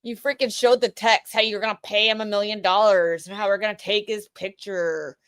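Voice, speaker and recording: A woman's voice: medium pitch, fairly even intonation, fairly quick, fairly bright tone, clear, resonant tone. A woman with a Boston accent giving brash, profane, mocking live commentary on a trial. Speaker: livestream host.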